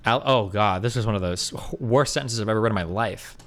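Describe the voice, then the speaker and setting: A man's voice: lowish voice, fast. Rambling, self-doubting male streamer. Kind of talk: casual live-stream chat, answering chat.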